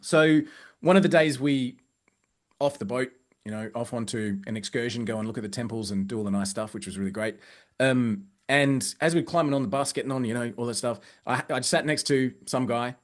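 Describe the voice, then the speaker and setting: A man's voice: medium pitch, fairly quick. Chatty Australian man telling stories. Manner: lively, chatty, many fillers and restarts. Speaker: company growth director. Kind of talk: casual anecdotal storytelling.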